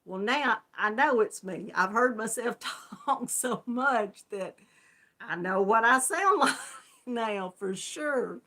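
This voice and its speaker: Country georgia lady chatting on her livestream, slow drawl, friendly, laughs a lot, calls out viewers by name. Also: fairly high pitch, animated, bright, forceful tone. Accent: country Southern US, Georgia. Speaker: host of a live crochet chat stream. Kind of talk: casual livestream chat with viewers.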